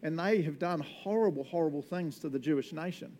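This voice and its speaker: A man's voice: a little high, a little fast. Laid-back New man preaching. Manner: animated, laughing, acts out voices. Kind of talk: casual sermon.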